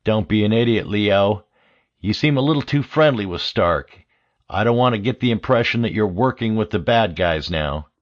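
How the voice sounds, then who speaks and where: A man's voice: on the low side, animated, moderate pace, no room sound, muffled recording, pitched above the performer's own voice, natural voice. A man reading a smug male agent in an audiobook, mimicking an interrogator in a condescending tone. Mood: mocking. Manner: mocking, condescending.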